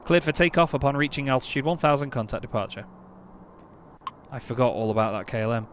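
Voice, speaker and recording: A man from England streaming an air traffic control game, chatting casually between crisp, clipped radio instructions. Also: medium pitch, fast. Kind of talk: casual live-stream chat mixed with radio calls.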